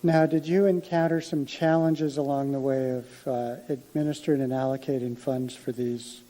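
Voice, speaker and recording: Mellow-voiced man questioning a witness. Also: medium pitch, steady tone, low-quality recording. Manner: methodical questioning, slightly halting. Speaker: attorney. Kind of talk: courtroom examination. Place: hearing room.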